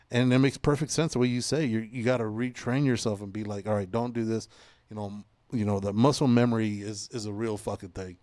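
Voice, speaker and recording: Profane, animated man in his forties. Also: mid-range voice, no echo, studio quality. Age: 40s. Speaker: podcast host. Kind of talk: casual chat.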